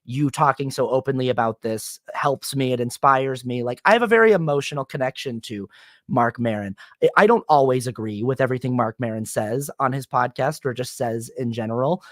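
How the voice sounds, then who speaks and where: A young man talking casually on his solo podcast, rambling with many fillers and restarts, and turning animated when he quotes people. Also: medium pitch, fairly quick, dry recording, clean studio sound. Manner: animated when quoting others. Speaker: podcast host.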